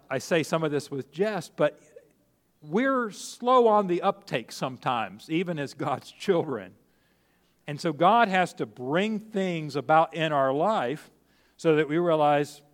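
A man's voice: fairly high pitch, lively intonation, unhurried, long reverb tail. A middle-aged male pastor preaching a sermon in a conversational way, often restarting phrases and acting out quoted speech.

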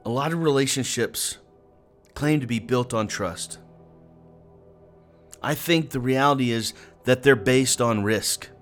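A man's voice: medium pitch, unhurried, long pauses, faint music behind. A man giving an earnest, conversational devotional talk, speaking directly to the listener.

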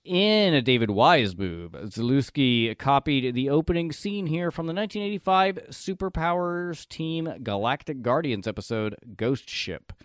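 Podcast host, male, smooth clear voice, dry close mic, animated delivery. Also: on the high side, moderate pace, few pauses, no room sound. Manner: animated, laughs often, reads segments. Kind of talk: casual podcast chat.

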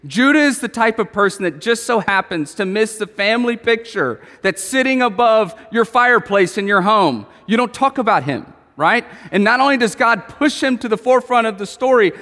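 Pastor guy preaching, animated, keeps asking the crowd stuff, high voice, lots of hall reverb. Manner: animated, asks the room questions, tells family stories. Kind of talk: sermon.

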